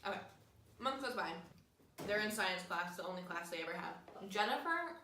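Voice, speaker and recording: A bright-voiced young woman tipsy on wine gives a jokey, animated film recap, acting out the lines. She sits back from the mic in an echoey room with a faint noise under her. It has the feel of a casual podcast. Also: medium pitch, a little fast, distant mic. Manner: animated, jokey, acts out quotes. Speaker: podcast host.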